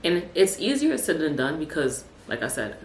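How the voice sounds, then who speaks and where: A deep-voiced young adult woman hosts a podcast, very animated yet speaking at normal speed. She delivers a casual, emphatic monologue, repeats words for stress, and drops street slang, and the echoey room has a faint hum behind her.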